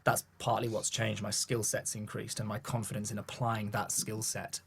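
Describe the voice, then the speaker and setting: A man's voice: fairly low pitch, normal speed, vocal fry, slight background noise. A man with a posh southern English accent, a vocal coach telling stories in a podcast interview and acting out the voices of people he quotes. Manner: animated storyteller who acts out quoted voices. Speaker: vocal coach and gospel choir leader. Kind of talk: podcast interview, relaxed storytelling.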